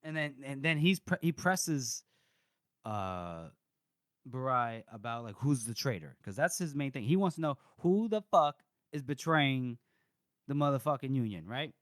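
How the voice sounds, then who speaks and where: A man's voice: medium pitch, sing-song, unhurried, no echo, studio quality. A man co-hosting a casual book podcast, animatedly retelling scenes, acting out quotes and swearing. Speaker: podcast co-host.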